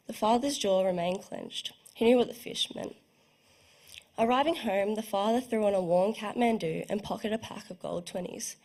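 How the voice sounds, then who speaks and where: A woman's voice: mid-range voice, moderate pace, a little mellow. A young woman reads her own prose aloud at a launch, careful and evocative in her phrasing. Her voice sits at a middling height for a woman, with the occasional small stumble over a word. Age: young adult. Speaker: student writer reading her work. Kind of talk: literary reading.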